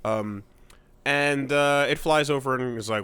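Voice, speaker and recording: A man's voice: medium pitch, a little slow, a bit bright, smooth. A man co-hosting a podcast in casual chat, telling a story animatedly, with many restarts and a lot of swearing. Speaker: podcast co-host.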